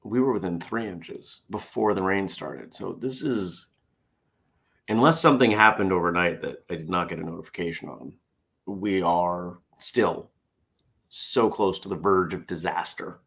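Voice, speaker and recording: Tired man with a gravelly low voice. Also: measured pace, a bit bright. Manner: wry, self-deprecating, chuckles at own jokes. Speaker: host. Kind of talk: casual morning chat, reading jokes.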